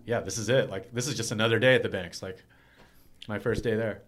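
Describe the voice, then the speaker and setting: A man's voice: lowish voice, steady tone, brisk. A man, a skateboarder being interviewed, telling loose, rambling stories in casual chat with lots of filler words. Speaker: skateboarder guest.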